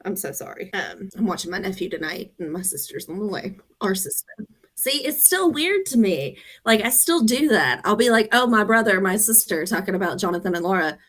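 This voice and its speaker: A woman talks in a frank, quick, casual way on a podcast. She swears without fuss and laughs easily. Her voice has an ordinary middle pitch. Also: big pitch swings, fairly bright tone. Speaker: podcast co-host. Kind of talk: casual chat.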